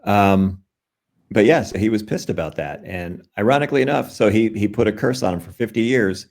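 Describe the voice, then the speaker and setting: Low-voiced man in casual chat. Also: expressive, fairly quick, creaky, darkish tone. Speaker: podcast co-host.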